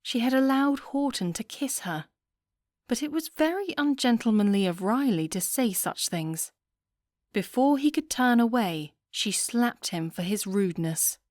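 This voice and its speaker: A woman narrating a romance audiobook in a calm, even storytelling manner. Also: a little high, measured pace, no room sound, studio quality.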